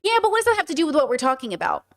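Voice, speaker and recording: A woman's voice: sits high, wildly swooping pitch, very fast, fairly bright tone. A woman hosting a livestream, chatting casually and animatedly with her chat, often repeating herself. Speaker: livestream host.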